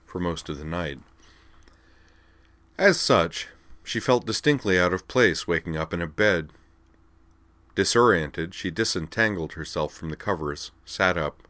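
A man narrating fiction aloud in a calm, measured storytelling manner. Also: low voice, no room sound. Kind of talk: audiobook-style fiction reading.

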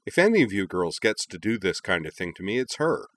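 A man's voice: deep voice, very animated, brisk, fairly bright tone, no room sound, heavily acted. A man voicing a flippant, teasing small winged male creature in a storybook reading. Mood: wry.

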